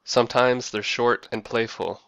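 A man reading a scripted narration with a dry, wry deadpan delivery. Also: mid-range voice, a little slow, no echo, dull audio.

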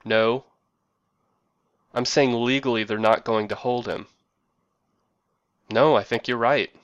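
A man voicing a flustered male office worker on phone calls, talking in halting, repetitive bursts. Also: medium pitch, steady tone, dry recording, highs cut off, natural voice. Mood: chatty. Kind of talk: acted quotes in a narrated essay.

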